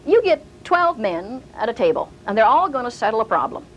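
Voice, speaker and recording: A woman's voice: on the high side, brisk, a little hiss or hum, rough recording. An older woman teaching a sermon, telling stories and acting out the voices of the people in them. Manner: animated storyteller, acting out quoted voices. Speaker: Bible teacher.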